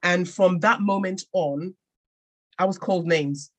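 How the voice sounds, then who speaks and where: Unhurried and fairly bright in tone, with a voice on the low side, an English author tells her personal story as a podcast guest. The delivery is earnest and reflective, with repeated restarts.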